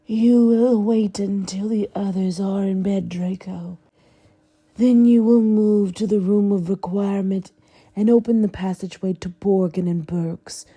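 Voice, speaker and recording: A sinister dark lord with a cold, hissing delivery, as a woman reader puts him on for a storybook reading. The tone is gravelly and husky, and the orders are drawn out slowly and darkly. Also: steady tone. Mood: cold menacing. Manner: hissing, low cold menace.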